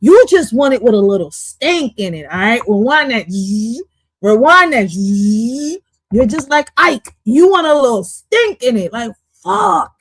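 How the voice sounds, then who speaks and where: A woman streaming casual reaction commentary on an interview clip, loud, profane and playful, dropping in Spanish phrases. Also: sits high, big pitch swings, moderate pace, hardly any pauses, no echo.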